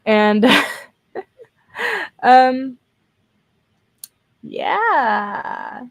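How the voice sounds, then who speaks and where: A woman's voice: fairly high pitch, takes it slowly, long pauses. Tired young woman rambling on a stream. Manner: rambling, repeats words, frequent laughs and fillers. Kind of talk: casual live-stream chat. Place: bedroom at home.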